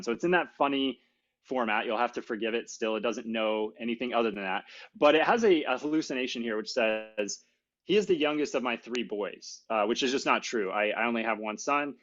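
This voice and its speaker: Middle-aged male speaker, relaxed and self-mocking, lots of "um" and "like", mid-range voice, somewhat muffled recording. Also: medium pitch, a little fast. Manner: casual, self-deprecating, many fillers. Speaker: conference speaker. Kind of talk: technical conference talk.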